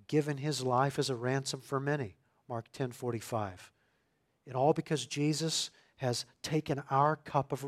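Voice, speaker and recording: A man preaching an expository sermon, reading scripture and growing emphatic and louder on key phrases. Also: mid-range voice.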